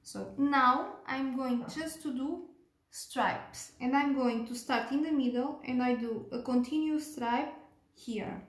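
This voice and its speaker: A woman teaching a cake decorating tutorial step by step, gentle and unhurried, pausing with fillers and checking in with "okay?". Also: sits high. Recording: echoey room.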